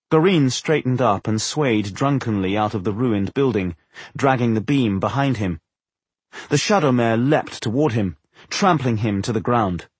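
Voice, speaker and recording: A man narrating a fantasy novel as an audiobook, telling it in an expressive way. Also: medium pitch, breathy edge, dry recording. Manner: expressive storytelling.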